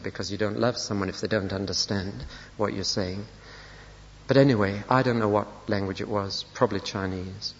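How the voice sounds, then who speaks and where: This older pastor's voice sits on the low side, and a little hiss or hum runs under the lo-fi recording, captured in a reverberant church hall. He preaches a sermon built around personal stories and dry, self-deprecating wit.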